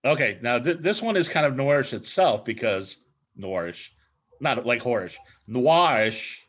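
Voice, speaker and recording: A man's voice: mid-range voice, expressive, fairly quick, fairly bright tone, husky. Rambling male talk show host, lo-fi. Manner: rambling, restarts sentences, jokey. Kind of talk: casual interview chat. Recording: dull lo-fi sound.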